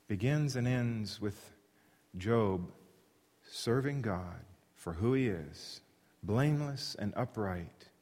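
A man's voice: lowish voice, a little mellow. Earnest preacher man in a reverberant hall. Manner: earnest, emphatic, with restarts. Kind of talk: sermon.

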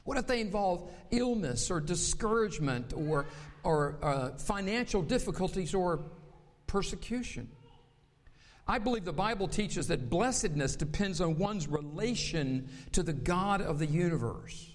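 A man with a faint Southern accent preaches a sermon in a high voice. He slows down and draws out key words for emphasis. A long hall reverb trails behind him. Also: animated. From North Carolina. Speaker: pastor.

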